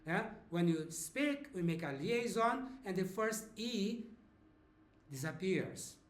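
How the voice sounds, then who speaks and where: A man with a Brazilian accent teaching a language lesson, drawing words out slowly and having learners repeat after him. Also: high voice, lively intonation. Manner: slow, drawn-out repetition of words for learners. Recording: echoey room.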